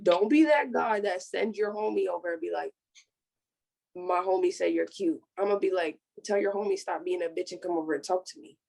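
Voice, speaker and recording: A podcast co-host giving casual advice in a relaxed chat. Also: mid-range voice, fairly quick, vocal fry, poor audio.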